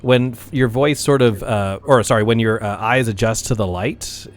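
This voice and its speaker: A man narrating as game master of a tabletop game, lively and full of fillers and chuckles. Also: mid-range voice, normal speed, a little hiss or hum.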